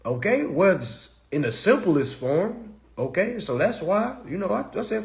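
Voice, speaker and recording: Animated, profane man ranting on a live stream. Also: high-pitched, measured pace. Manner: blunt, profane, animated, with rhetorical questions. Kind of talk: casual live stream rant.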